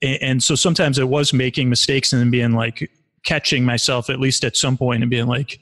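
A man's voice: mid-range voice, steady tone, brisk, fairly bright tone. A man in his forties telling stories candidly in a casual, rambling way, with many restarts and fillers, as a podcast guest. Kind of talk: casual conversational storytelling.

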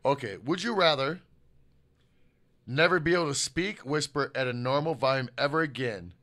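A man's voice: medium pitch, normal speed, pushed and bright, no echo. An American man co-hosting a podcast, rambling and swearing while reading out listener comments. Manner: profane, rambling, laughs a lot. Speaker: podcast co-host.

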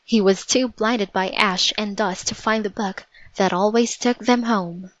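Slow, measured woman reading a storybook. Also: mid-range voice, steady tone, dry recording, lo-fi sound. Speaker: narrator. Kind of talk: storybook narration.

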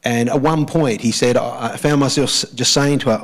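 Emphatic Australian pastor preaching. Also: male voice, mid-range voice, steady tone, rough recording. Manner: emphatic, slows down and repeats key phrases; leads the congregation in repeating lines. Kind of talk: church sermon.

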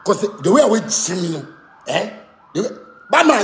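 A Ghanaian-accented man, a musician, in a heated rant that switches between pidgin and English and often breaks into shouting. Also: sits high, very animated, fairly quick, pauses often, reverberant. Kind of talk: angry rant.

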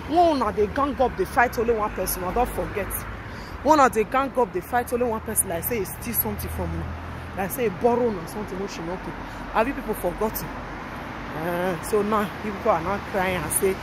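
A woman's voice: mid-range voice, fast. Taunting Nigerian woman vlogging outdoors. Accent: Nigerian Pidgin English. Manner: taunting, mocking and repetitive, shifting between calm and loud. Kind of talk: outdoor gossip vlog. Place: outdoors on a road. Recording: noisy outdoor phone recording.

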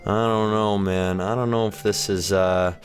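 A man giving a chatty, joking playthrough commentary of a video game, reacting quickly and with excitement to what he sees. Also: on the low side, soft background music. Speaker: gaming commentator.

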